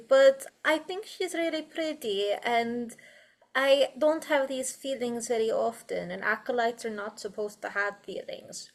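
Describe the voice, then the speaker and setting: Casting: woman player, higher voice, unhurried, playful and childlike in role. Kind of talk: casual in-character play.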